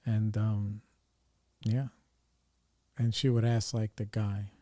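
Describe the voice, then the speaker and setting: A man's voice: lowish voice, little pitch movement, measured pace, long pauses, dark tone, dry recording, studio quality. A man hosting a podcast, telling family stories in a loose, rambling way full of fillers and restarts. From New York area. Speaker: podcast host. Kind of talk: casual storytelling.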